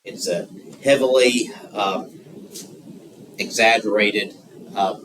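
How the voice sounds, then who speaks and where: A man with a Southern American accent giving an unscripted geography lecture, rambling with many filler pauses. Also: fairly low pitch, fairly bright tone. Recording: distant mic with noticeable background noise.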